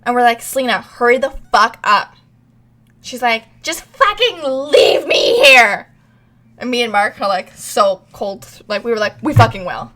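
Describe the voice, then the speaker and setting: Bright-voiced young woman telling a wild story. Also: on the high side, normal speed. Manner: animated, swears a lot, acts out quotes. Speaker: podcast co-host. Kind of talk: casual storytelling chat.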